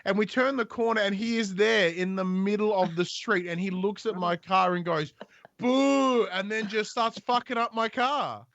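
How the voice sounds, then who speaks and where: High-voiced man telling a story. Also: moderate pace, hardly any pauses, highs cut off. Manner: animated storyteller who swears and mimics bird cries. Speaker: podcast co-host. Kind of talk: casual live-stream podcast chat.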